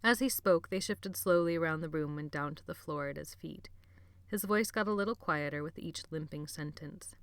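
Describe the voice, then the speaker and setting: A woman narrates a novel in a slow, measured reading. Her voice sits a little low, and the recording is close and dry, with no room sound. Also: clear, resonant tone, dry recording. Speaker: audiobook narrator. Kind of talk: scripted narration.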